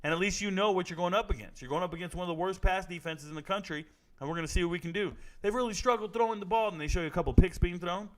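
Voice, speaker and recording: A man's voice: high voice, racing. A man reacting live to fight night in casual stream chat, joking, rambling and reading viewer comments aloud.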